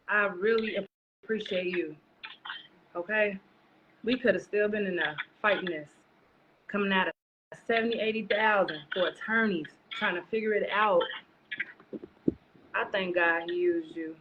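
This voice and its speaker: A woman speaking on a livestream, soft-spoken and tearful with gratitude. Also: mid-range voice, measured pace, pauses often. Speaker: guest. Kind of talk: emotional casual call. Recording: dull lo-fi stream with loud noise.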